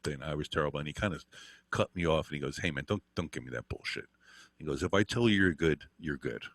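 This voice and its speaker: A man's voice: a bass voice, a bit bright, no room sound. An older man, a guitar teacher, telling rambling anecdotes with lots of fillers and the odd swear word. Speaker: interview guest, guitar teacher. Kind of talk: casual storytelling.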